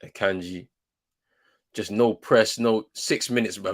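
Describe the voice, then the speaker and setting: A man's voice: fairly low pitch, fairly even intonation, measured pace. Exasperated young man. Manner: exasperated, slangy, laughing at the play. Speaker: watchalong host. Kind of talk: live football watchalong commentary.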